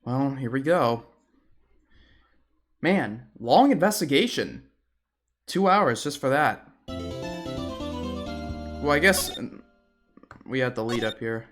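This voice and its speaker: Brief: male streamer, casual offhand commentary, lively pitch, game music underneath. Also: slow pace, long pauses. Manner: relaxed, offhand remarks.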